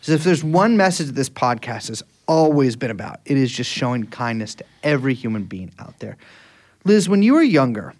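A man's voice: medium pitch, brisk. A man co-hosting a podcast, chatting casually with jokes and some swearing. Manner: animated, jokey, swears casually. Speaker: podcast co-host.

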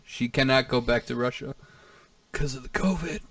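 A man's voice: medium pitch, normal speed, fairly bright tone, no room sound, recorded from a distance. A man co-hosting a comedy podcast, talking in casual, profane chat and laughing often. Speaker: podcast co-host.

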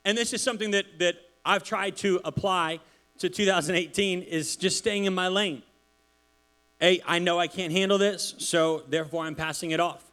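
A man, a pastor, giving a casual sermon in church, chatty and animated, telling stories with many asides. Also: high voice, normal speed, clear, resonant tone.

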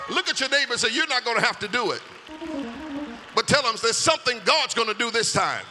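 A man preaching a sermon in a church, shouting and half-singing his lines and leading the crowd in call-and-response. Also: extremely high pitch, big pitch swings, moderate pace. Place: church sanctuary. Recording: music and long hall reverb.

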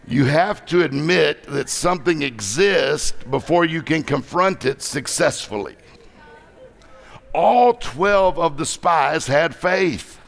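A middle-aged man preaching a lively conference sermon, joking and exhorting the crowd. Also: a little high, slow pace, vocal fry.

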